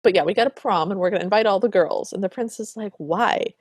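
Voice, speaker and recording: A woman's voice: medium pitch, quick pace, slightly rough, dry recording. Chatty woman podcast co-host, dry sound. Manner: animated, opinionated storytelling. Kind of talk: casual chat recapping a film.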